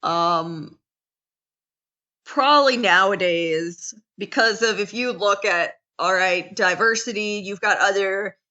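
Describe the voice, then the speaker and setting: An American woman teaching a class in a casual, chatty way, pausing and restarting her sentences. She speaks slowly in a bright, forceful voice. The recording sounds somewhat dull and lo-fi. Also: mid-range voice. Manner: chatty, acts out quotes, many restarts.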